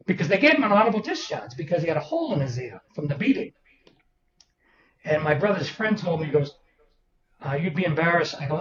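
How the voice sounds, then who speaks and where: A man's voice: fairly high pitch, fairly quick. Older man telling stories. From Boston, Massachusetts. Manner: animated anecdotal storyteller, acts out quoted people. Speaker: author guest. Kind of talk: storytelling interview. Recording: roomy distant dull sound with crowd behind.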